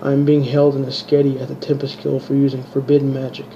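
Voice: medium pitch, monotone, fast talker, dark tone, slight background noise, natural voice. A man voicing an imprisoned wizard sending an urgent distant message, in a dull lo-fi recording.

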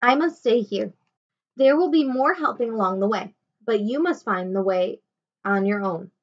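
Wise old ninja teacher, soft and solemn, read by a woman, dull recording. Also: fairly high pitch, normal speed. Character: calm wise old male ninja master.

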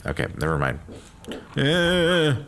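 Brief: male game commentator, bright forceful tone, lively swings, crude loud outbursts, faint background hiss. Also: on the high side, takes it slowly, vocal fry. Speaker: gaming commentator. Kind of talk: let's play commentary.

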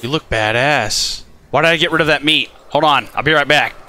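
A man giving casual let's play commentary on a game, chatty and animated, swearing and talking to the creatures on screen. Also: a little high, a little fast. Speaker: gaming channel host.

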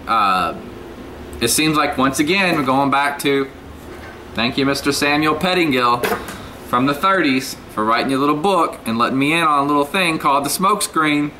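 A man holds forth in a rambling home video rant, digressing freely and talking straight to his viewers. His voice is very bright and sits a little high for a man. A faint hum of an air conditioner runs underneath. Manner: animated, digressive, addresses viewers as people and cats. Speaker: political video blogger.

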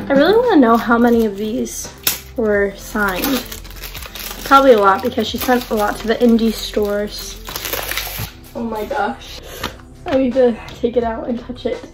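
A teenage girl who is out of breath, gushing with excitement in a vlog. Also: on the high side, a little slow, pauses often, rough recording. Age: teens.

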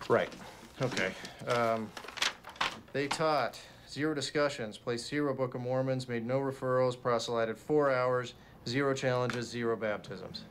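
An actor playing a calm young missionary. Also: male voice, medium pitch, measured pace, long pauses, a little hiss or hum, close to an everyday voice. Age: young adult. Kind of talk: film dialogue.

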